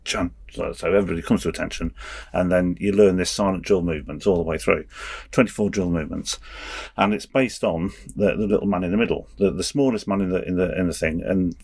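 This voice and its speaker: A middle-aged man telling stories as a podcast guest, speaking haltingly with many restarts and chuckles. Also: low-pitched, a little mellow. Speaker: guest, race official and former soldier. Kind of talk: anecdotal storytelling.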